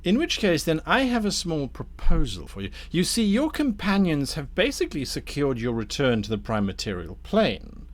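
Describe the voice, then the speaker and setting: A man's voice: a little high, wildly swooping pitch, moderate pace, few pauses, pitched above the performer's own voice. Man doing a silky scheming devil dealmaker. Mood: persuasive. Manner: polite, silky, persuasive.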